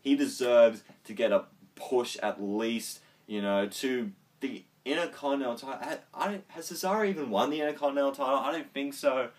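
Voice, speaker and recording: A man casually reviewing a wrestling show. He is excitable, swears freely and fills his talk with ums. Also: mid-range voice, brisk, recorded from a distance.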